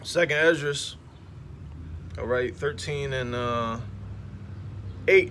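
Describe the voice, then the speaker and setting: A man's voice: mid-range voice, slow, pauses often, a bit bright. A man street preaching in a slangy, emphatic way, peppering his talk with "man, all right?" outdoors beside passing traffic.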